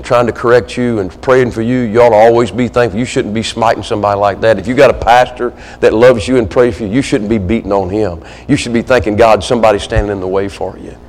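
A man preaching a sermon, swinging between loud pleading and hushed, intimate asides. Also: medium pitch, long reverb tail, poor audio. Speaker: pastor. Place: church sanctuary.

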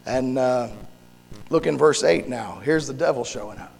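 A male pastor with a gravelly, hoarse voice preaches a sermon and prays, halting and restarting as he searches for words. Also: mid-range voice, a little mellow. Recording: long hall reverb.

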